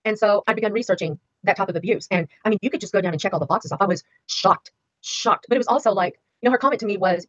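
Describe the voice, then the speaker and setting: A woman in her sixties recounts her life in a candid interview, talking at a rapid clip and repeating words for emphasis. The sound is dry and a little dull, as from a modest lo-fi setup. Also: mid-range voice, no room sound. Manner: emphatic, fast, repeats key words for weight. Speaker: interview guest. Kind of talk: candid personal storytelling interview.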